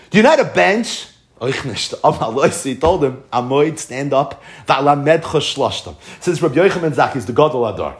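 A man giving a Talmud class, telling stories with animation, acting out the dialogue, often repeating and restarting phrases. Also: fairly high pitch. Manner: animated storytelling, acts out dialogue. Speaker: Torah teacher.

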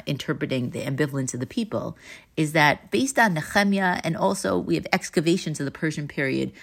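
Woman Bible teacher, fairly low voice, patient explaining, slow verse reading. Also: gravelly. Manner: explains patiently, reads Hebrew verses slowly and translates them. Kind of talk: text study lecture.

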